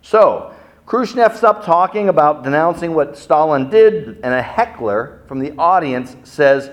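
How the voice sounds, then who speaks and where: A middle-aged man preaching a sermon, telling stories dramatically and acting out the quotes with big swings in loudness. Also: a little high, expressive, unhurried. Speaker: pastor.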